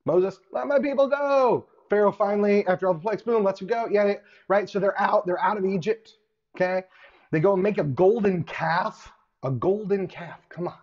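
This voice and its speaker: A man delivering an online sermon in an animated, casual way, with colloquial asides and hushed emphasis. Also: high-pitched, brisk. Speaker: preacher. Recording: dull lo-fi recording.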